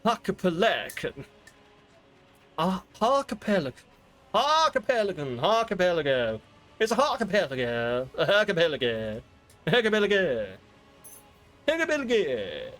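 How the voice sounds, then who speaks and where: Man doing a hammy put-on accent, exaggerated, high and swooping, game music behind. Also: big pitch swings, moderate pace, pauses often, fairly bright tone.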